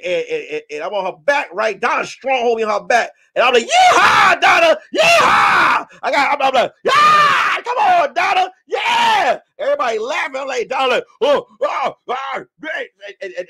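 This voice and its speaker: A man hosting a comedy podcast, telling a rowdy story, shouting, swearing and acting out the voices. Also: extremely high pitch. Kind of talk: animated comic storytelling.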